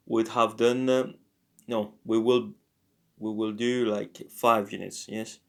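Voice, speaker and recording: A man teaching a casual language lesson, talking slowly and haltingly with many fillers and self-corrections. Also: medium pitch. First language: French.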